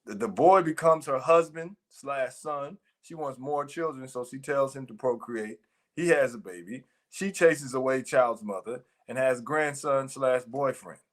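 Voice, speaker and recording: Mid-pitched guy co-hosting a ministry podcast, preachy, fires off rhetorical questions. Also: measured pace. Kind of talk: casual chat.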